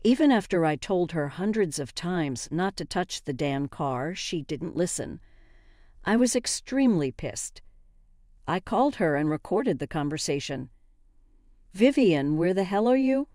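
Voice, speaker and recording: A woman's voice: low voice, animated, a little slow, a little mellow, no room sound, clean studio sound. Indignant woman narrating a story. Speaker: first-person story narrator.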